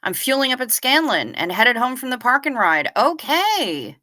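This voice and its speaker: A woman's voice: on the high side, very animated, normal speed, sharp tone. A woman hosting a livestream, chatting casually with viewers and reading their messages aloud, wry and loose with the odd swear. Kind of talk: casual chat.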